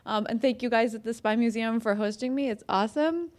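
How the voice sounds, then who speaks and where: American woman author chatting to a crowd, kinda high voice, lots of ums and restarts. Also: fairly quick, a little mellow. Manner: chatty, self-deprecating, many fillers and restarts. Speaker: author giving a talk. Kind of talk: casual talk to an audience. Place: museum event room.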